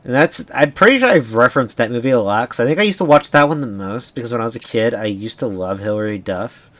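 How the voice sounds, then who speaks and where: A young man in casual podcast chat, wandering from tangent to tangent and cursing freely along the way. His pitch is middle-range but very lively, rising and dipping as he talks. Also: quick pace. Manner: rambling, sidetracked storytelling with frequent restarts and swearing. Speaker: podcast co-host.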